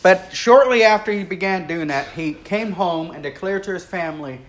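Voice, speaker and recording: A man preaching a sermon, telling a story earnestly and swinging between rising intensity and hushed, quiet stretches. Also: normal speed. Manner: earnest, builds in intensity and then drops low and quiet.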